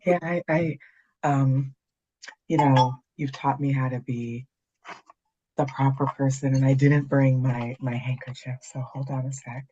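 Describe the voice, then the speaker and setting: A woman's voice: rumbling low, steady tone, measured pace, dark tone, husky, muffled recording. A middle-aged woman from Canada, speaking as a guest in a casual conversation, candid and dryly funny. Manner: candid, dry humor.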